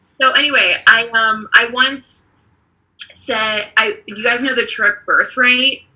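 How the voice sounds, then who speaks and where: A young woman in her twenties doing a deadpan stand-up set, hesitant and full of ums. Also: a little high, takes it slowly, very noisy. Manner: awkward, hesitant, lots of ums. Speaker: stand-up comedian. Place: online comedy show.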